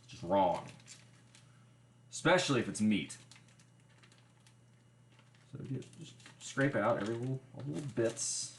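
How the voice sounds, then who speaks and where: A man's voice: mid-range voice, lively intonation, measured pace, creaky, pauses often, echoey room, a little hiss or hum. A man hosting a casual cooking livestream, chatty and explaining each step with wry asides, recorded in a home kitchen. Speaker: livestream host.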